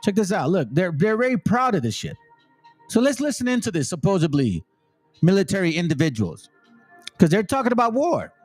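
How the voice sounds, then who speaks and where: A man with a somewhat high voice delivers blunt, emphatic commentary on video clips, cursing freely. He slows into a stately cadence when he reads scripture aloud. Faint music plays underneath. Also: big pitch swings, no echo. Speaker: channel host, commentator.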